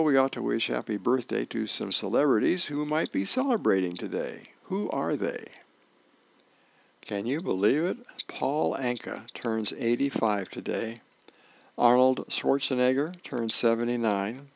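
A man's voice: medium pitch, lively intonation, unhurried, gravelly, no room sound. A man, a volunteer reader for a radio reading service, reading newspaper comics and birthdays aloud, lightly voicing the dialogue. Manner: reads comic dialogue with small voice changes.

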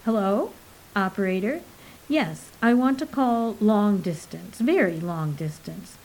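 A woman's voice: medium pitch, measured pace, a little mellow, poor audio. A woman voicing a formal, courteous male envoy who speaks with precise diction.

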